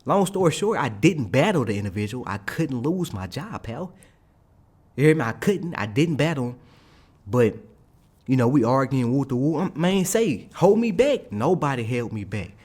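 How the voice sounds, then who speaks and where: A young man casually telling a story in an animated, slangy way, often checking in with his listeners. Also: medium pitch, normal speed, breathy edge. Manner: animated, slangy, keeps asking "you hear me?". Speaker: streamer.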